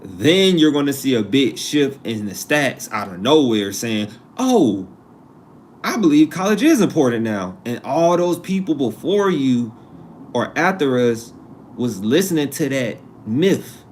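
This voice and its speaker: A man's voice: medium pitch, very animated, measured pace, a little hiss or hum. Man hosting a casual live stream. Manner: conversational, digressive, repeats himself for emphasis.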